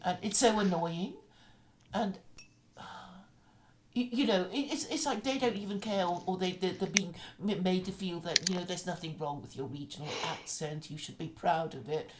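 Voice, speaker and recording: A woman with a somewhat low voice talks in a loose, opinionated way, often restarting her sentences. A faint hiss of noise sits under her speech. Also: normal speed. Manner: opinionated, chatty, frequent restarts and laughs. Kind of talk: casual conversation.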